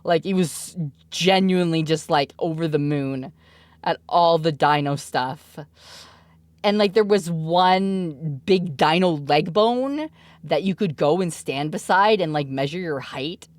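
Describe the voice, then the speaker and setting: Streaming in a relaxed chat, a thirtysomething mom shares stories and laughs frequently along the way. She speaks low and unhurried, and the recording is dry.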